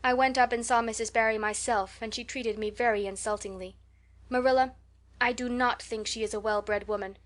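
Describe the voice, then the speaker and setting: A woman's voice: fairly even intonation, fairly quick, natural voice. A woman voicing a pleading, dramatic orphan girl. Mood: indignant. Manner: high-flown, theatrical pleading.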